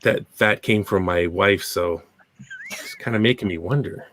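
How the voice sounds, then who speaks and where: A man's voice: low-pitched, normal speed, fairly bright tone, slight background noise. A middle-aged Canadian man hosting a podcast, chatting in a rambling, self-deprecating way while getting over a cold. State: recovering from a cold. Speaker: podcast host. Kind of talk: casual podcast chat.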